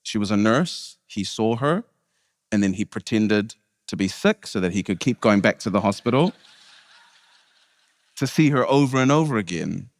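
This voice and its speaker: A man's voice: lowish voice, expressive, normal speed, long pauses. Kiwi guy doing a funny keynote, bouncy voice, big hall reverb. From New Zealand. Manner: joking, self-interrupting storytelling. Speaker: keynote speaker, comedian. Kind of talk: comic keynote speech.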